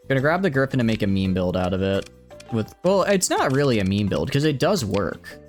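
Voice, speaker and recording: A man streaming a game live, thinking aloud excitably and chatting with viewers, with hiccups. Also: on the low side. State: has hiccups. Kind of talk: live gameplay commentary.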